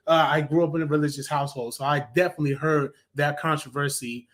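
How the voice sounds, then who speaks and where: A young man with a slightly higher voice talks through a cartoon review in a loose, enthusiastic way. He fills his sentences with ums and often backs up to correct himself. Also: fairly even intonation, fast, hardly any pauses. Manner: chatty and enthusiastic, with frequent fillers and self-corrections. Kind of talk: casual spoken review.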